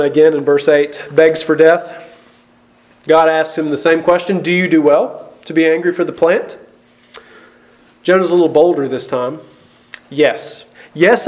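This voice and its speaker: A man's voice: on the high side, darkish tone. A man, a pastor, preaching an earnest sermon full of questions and emphatic rises.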